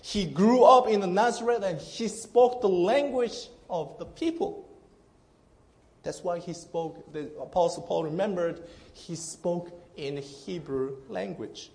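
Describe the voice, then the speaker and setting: High-voiced, slow-preaching male pastor. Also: darkish tone. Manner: earnest, emphatic preaching with frequent restarts. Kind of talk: sermon.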